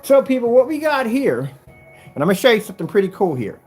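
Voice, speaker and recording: Animated, husky man ranting at critics. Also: extremely high pitch, fairly quick, soft background music. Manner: combative, animated, talks straight to critics. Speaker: seller demonstrating projector screen paint. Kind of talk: product demonstration rant.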